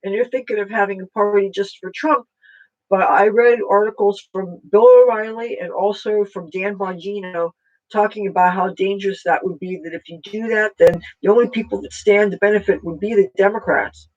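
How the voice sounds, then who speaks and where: A political vlogger talking casually at home in a rambling, halting way with many fillers and restarts. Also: mid-range voice, fairly even intonation, muffled recording.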